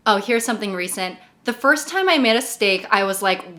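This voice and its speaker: A woman's voice: medium pitch, animated, normal speed, hardly any pauses, pushed and bright. A woman vlogger in casual chat, rambling and making jokey, self-deprecating remarks.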